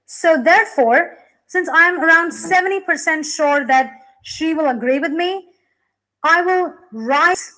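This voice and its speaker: A woman's voice: extremely high pitch, a little slow, pushed and bright, poor audio. A young woman teacher explaining English grammar in a classroom lesson, with frequent "okay" and "you know" fillers.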